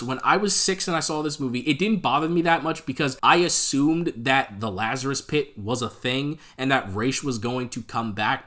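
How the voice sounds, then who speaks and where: A man in his twenties giving casual video commentary as a film reviewer, animated and opinionated, with exasperated rants. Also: mid-range voice.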